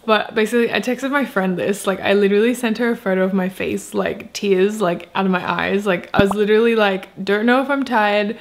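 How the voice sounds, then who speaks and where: A woman's voice: mid-range voice, steady tone, fairly quick, few pauses, a little hiss or hum. A young woman chatting casually in a vlog about books, rambling and enthusiastic with lots of filler words. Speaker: book vlogger.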